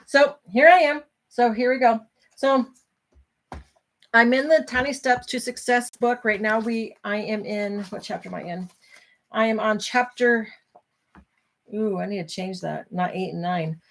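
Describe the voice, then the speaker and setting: A woman's voice: fairly high pitch, a little slow. Tired, rambling woman on a late live stream. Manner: rambling, apologetic, yawning, self-deprecating. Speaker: self-help author hosting a live stream. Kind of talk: casual live-stream talk.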